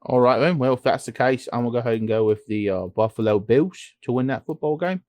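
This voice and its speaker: A man's voice: mid-range voice, quick pace, a little mellow, dry recording. Laid-back man running through game picks. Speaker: podcast host. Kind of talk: casual sports chat.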